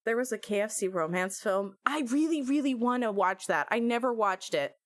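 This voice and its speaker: A woman's voice: mid-range voice, normal speed, no echo, clean studio sound. A woman live-streaming, chatting casually and jokily with her viewers, often breaking into squeals and laughter. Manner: animated, jokey, sudden squeals and laughs.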